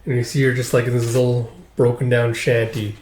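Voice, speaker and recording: A man's voice: mid-range voice, level tone, a little fast, darkish tone. A man recapping a manga in a loose, chatty way, full of fillers. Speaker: manga reader and reviewer. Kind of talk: casual reading narration. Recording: roomy echo.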